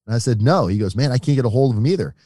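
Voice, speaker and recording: A man's voice: mid-range voice, rapid-fire, slightly rough, no echo, studio quality. A middle-aged man, a podcast guest telling his own story and acting out the voices of the people in it. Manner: animated storyteller, acts out quoted voices. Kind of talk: storytelling in an interview.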